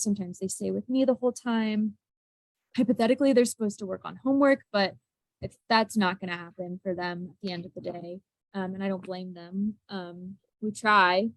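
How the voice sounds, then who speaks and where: A woman's voice: mid-range voice, dry recording, poor audio. A young adult woman teacher talking candidly about her classroom struggles in a casual group discussion, laughing often at herself.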